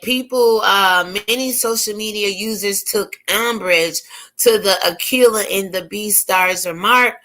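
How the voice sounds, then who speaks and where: A woman's voice: mid-range voice, bright, forceful tone. A woman from the United States hosting a casual opinion commentary, talking emphatically and firing off rhetorical questions. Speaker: commentary channel host.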